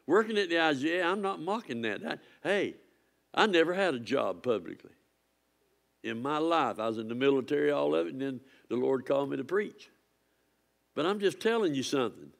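Man preaching; somewhat high voice, big swings from loud to hushed. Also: expressive, brisk, creaky. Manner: impassioned preaching, rising to near-shouts and dropping low. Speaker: pastor. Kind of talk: sermon.

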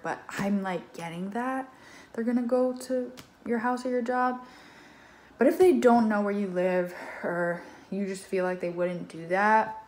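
A woman gives a casual tarot reading in a chatty, loose style, swearing now and then and acting out what other people think. Her voice is medium-pitched and a little mellow, recorded in an echoey room with slight background noise.

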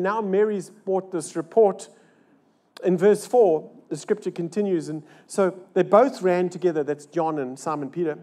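Older man preaching with dramatic swings. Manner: dramatic, swings between loud rises and hushed low lines; asks the crowd rhetorical questions. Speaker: pastor. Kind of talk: sermon. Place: church service.

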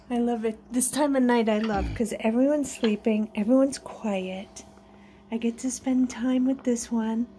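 High-voiced woman cooing at her pets. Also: measured pace, mellow, a little hiss or hum. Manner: sing-song baby talk to her pets. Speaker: pet vlogger. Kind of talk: casual chat to pets and viewers. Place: home at night.

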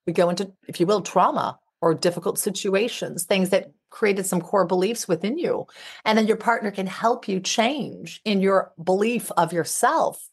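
This podcast interview features a middle-aged female author who specializes in relationships. She talks at a normal pace in a husky mid-range voice, sounding heartfelt and emphatic and returning to the same phrases again and again.

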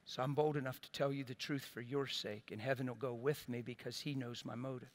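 A middle-aged man preaching a sermon as a pastor, earnest and impassioned, swinging between loud bursts and quiet, soft asides. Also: mid-range voice, steady tone, brisk.

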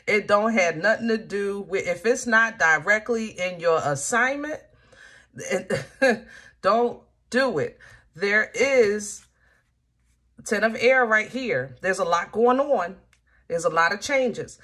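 A woman's voice: mid-range voice, lively intonation, slow, fairly bright tone. A woman reading tarot cards for her viewers in a casual, emphatic way, repeating her warnings and laughing often. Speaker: tarot reader.

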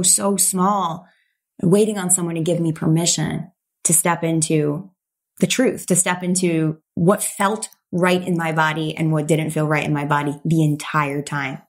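A middle-aged woman as a podcast guest, telling a personal story with animation and acting out the voices of the people in it. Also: on the low side. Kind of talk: storytelling in an interview.

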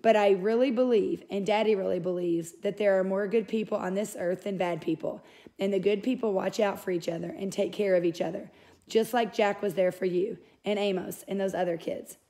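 A woman reading as a gentle reassuring mother. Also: medium pitch, steady tone, a little fast, close to an everyday voice. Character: gentle caring mother of a young boy.

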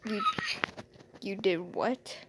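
A woman's voice: mid-range voice, extremely slow, darkish tone, a little hiss or hum. A teenage girl chatting on a livestream with a friend, playful and dramatic, swearing often. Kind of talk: casual chat with a friend.

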